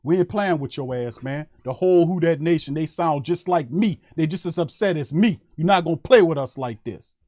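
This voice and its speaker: A man's voice: a little high, animated, fairly quick, hardly any pauses, dark tone, no echo, clean studio sound. Fired-up New man ranting. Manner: heated, emphatic, profane, repeats his points. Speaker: sports podcast host. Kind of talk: fired-up fan rant on a live stream.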